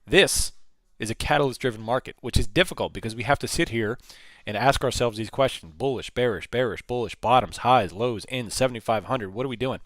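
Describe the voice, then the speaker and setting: A man hosting a live trading stream, mid-pitched and loose, thinking aloud as he talks. He rambles casually, often repeating and restarting his phrases. His voice sounds dry and close, with no room echo. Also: brisk, hardly any pauses, a bit bright. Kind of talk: casual live market commentary.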